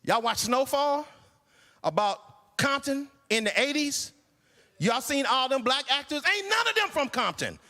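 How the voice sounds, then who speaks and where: A man in his sixties performing a stand-up comedy routine, incredulous and animated. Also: very high-pitched, a little slow, big-room sound. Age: 60s. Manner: animated, incredulous, acts out voices. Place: church hall stage.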